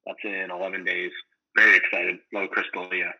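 A man's voice: sits low, flat delivery, brisk, highs cut off. A young man co-hosting a casual podcast, rambling with lots of fillers and acting out imagined scenes. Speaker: podcast co-host.

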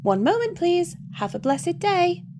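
A woman's voice: very high voice, big pitch swings, a little slow, voice pushed up, full character voice. A woman voicing a chirpy heavenly switchboard operator with a lilting, sing-song politeness. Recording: background hiss.

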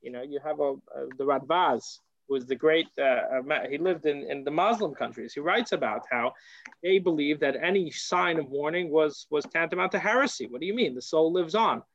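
A man's voice: on the high side, moderate pace, a bit bright, highs cut off. An American man teaching a Torah class, talking in a conversational way and asking rhetorical questions.

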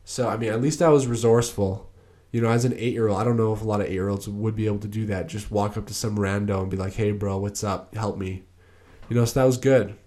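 A man's voice: on the low side, fairly even intonation, fast, hardly any pauses, warm tone. A young man hosting his own podcast, telling stories in a laid-back, rambling way with lots of fillers. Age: young adult. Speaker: podcast host. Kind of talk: casual solo podcast storytelling.

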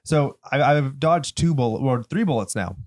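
A man hosting a horror movie podcast, loud and theatrical in casual chat. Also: mid-range voice, expressive, normal speed, no room sound, studio quality. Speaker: podcast host.

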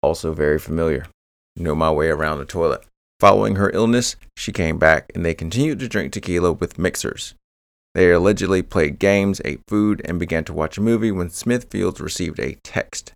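A man's voice: low-pitched, moderate pace, gravelly, no room sound, clean studio sound. A man hosting a true crime podcast, rambling through the case with joking asides. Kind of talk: casual true crime narration.

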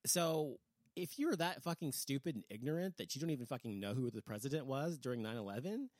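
A middle-aged man from the United States hosts a casual podcast and vents his opinions bluntly, swearing freely. He talks at a brisk clip. His voice sits close and dry, with no room sound around it. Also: mid-range voice, lively intonation, a little mellow, no echo. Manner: blunt, profane ranting. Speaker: podcast host.

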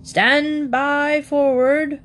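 A woman's voice: big pitch swings, slow pace, slight background noise. A woman voicing a blustering old male sea admiral who barks orders in a seafaring drawl. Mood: bellowing. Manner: booming seafaring bark, dropped g's.

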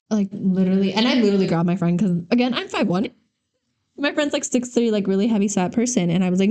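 A woman co-hosting a casual talk show, telling a story with lots of animation. Her voice is mellow and dark, and she peppers her speech with "y'all" and "like". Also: medium pitch, fast. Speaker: podcast co-host and trainer.

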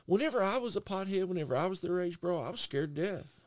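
A man co-hosting a podcast, telling an animated, profane story in casual chat and acting out what people said. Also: high-pitched, fast talker. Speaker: podcast co-host.

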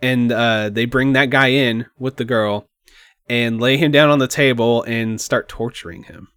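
A man's voice: mid-range voice, a little slow, clean tone, no room sound, clean studio sound. A man co-hosting a podcast, chatting casually and rambling about a film with lots of "like.". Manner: relaxed, rambling, says "like" often. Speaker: podcast co-host. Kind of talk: casual movie discussion.

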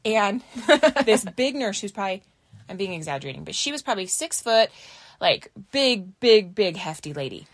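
Animated storytelling woman, dry close mic. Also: mid-range voice, moderate pace, dry recording. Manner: animated, laughing, acts out quotes. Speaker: podcast co-host. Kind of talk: casual storytelling chat.

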